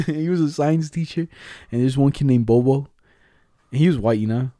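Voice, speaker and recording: A man's voice: mid-range voice, normal speed, warm tone, dry recording, clean studio sound. A young man in casual chat, telling school stories with lots of slang and laughter.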